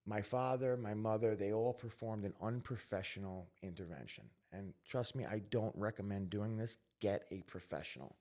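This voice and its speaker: A man with a lowish voice speaks as a podcast guest. He tells his own story candidly, earnest and emphatic, often restarting his sentences. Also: normal speed, few pauses, darkish tone. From New York.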